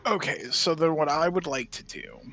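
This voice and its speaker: A man's voice: on the high side, moderate pace, sharp tone. A man playing a tabletop game, explaining his character's actions chattily and thinking aloud. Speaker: player. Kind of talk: casual tabletop game talk.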